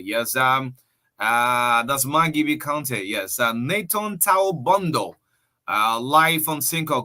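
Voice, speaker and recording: Bright-voiced Liberian radio host. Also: male voice, fairly high pitch. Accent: Liberian English. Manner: chatty, storytelling, loose with fillers and laughs. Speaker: radio breakfast show host. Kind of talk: casual radio talk, reading listener shout-outs.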